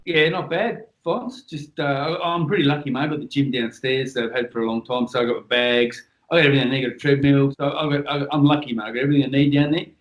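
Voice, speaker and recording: A blunt, relaxed Australian man from Western Australia who swears freely and talks in an easy, casual way. His voice sits in a middle pitch, and the room gives it a noticeable echo. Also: quick pace, hardly any pauses. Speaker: guest, former world boxing champion. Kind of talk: casual podcast chat.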